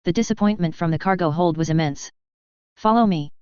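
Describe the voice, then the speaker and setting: Woman narrator, steady story reading, lowish voice, dry close recording. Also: quick pace, clear, resonant tone, dry recording. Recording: slightly dull close recording.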